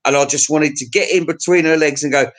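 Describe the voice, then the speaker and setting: Man, livestream host, rambling jokey chat, swears a lot, slightly raised pitch. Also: fairly even intonation, brisk, a bit bright. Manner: crude, profane, jokey storytelling. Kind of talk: casual rambling chat to viewers.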